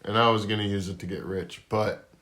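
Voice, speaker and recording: A man co-hosting a podcast in casual chat, laid-back and drawn-out, swearing offhandedly. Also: lowish voice, steady tone, fairly bright tone. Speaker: podcast co-host. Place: garage.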